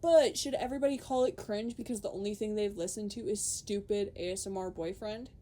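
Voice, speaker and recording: A woman's voice: mid-range voice, steady tone, brisk, warm tone. A young woman podcaster ranting in casual chat, swearing freely, laughing and quoting people in put-on voices.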